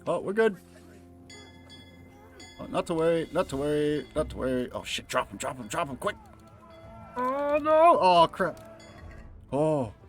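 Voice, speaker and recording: A man's voice: on the high side, expressive, moderate pace, long pauses, faint music behind. A young man livestreaming a game, telling rambling, profane stories and laughing often. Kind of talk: casual chat while gaming.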